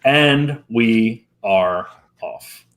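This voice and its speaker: A man's voice: lowish voice, expressive, extremely slow, a bit bright. A man hosting an online trivia night in a casual, upbeat way, often laughing as he announces scores and rounds. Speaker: trivia host. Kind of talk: casual livestream chat.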